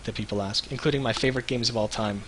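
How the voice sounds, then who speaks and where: Man, 30s, livestream co-host, rambling, animated, bright tone. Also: medium pitch, quick pace, slight background noise, low-quality recording. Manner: rambling, animated storytelling with restarts. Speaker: web show co-host. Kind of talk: casual livestream chat.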